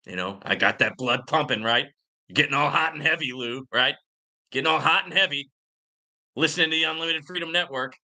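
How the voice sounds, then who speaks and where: A male show host reading out a viewer's comment and answering it with slow, mocking, sarcastic taunts. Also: a little high, bright, forceful tone. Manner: sarcastic, teasing, drawn-out taunts.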